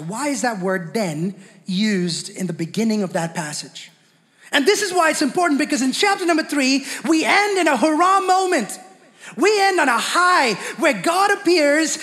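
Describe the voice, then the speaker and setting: Very high-voiced fervent preacher in a reverberant hall. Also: male voice, a bit bright. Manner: fervent, repetitive, asks the congregation questions. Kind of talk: sermon.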